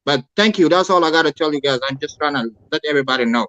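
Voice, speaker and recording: A man's voice: on the high side, fast talker, bright, forceful tone, no echo, highs cut off. A man calling in to a talk show, speaking in a heated, preachy, repetitive way. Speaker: caller. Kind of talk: impassioned call-in rant.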